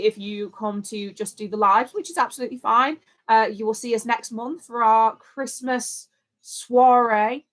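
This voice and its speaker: A woman's voice: a little high, a bit bright. A woman co-hosting a livestream in casual, rambling chat. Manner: chatty and rambling. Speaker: livestream co-host.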